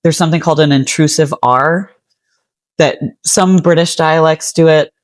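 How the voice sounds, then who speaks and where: A woman's voice: low voice, normal speed, no room sound. A woman from the United States speaking as a guest poet in a casual interview. She has an American accent with some Australian and New Zealand traits and talks chattily, filling with "like". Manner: chatty, frequent "like" fillers.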